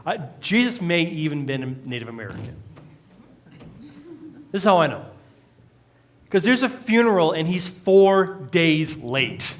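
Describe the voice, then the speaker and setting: A man's voice: on the high side, big pitch swings, measured pace, pauses often, slight background noise. A male pastor, preaching a conversational sermon with jokes and acted-out quotes in a church. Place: church sanctuary.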